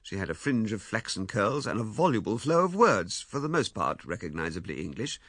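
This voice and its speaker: A man narrating a classic novel in a measured, expressive storytelling manner. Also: on the low side, no echo, studio quality. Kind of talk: scripted audiobook narration.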